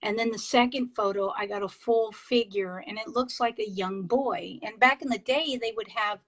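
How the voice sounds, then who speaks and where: A woman on a video call, a paranormal investigator, telling her experiences in an excitable, halting way with many fillers and restarts. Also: on the high side, low-quality recording. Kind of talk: casual interview storytelling.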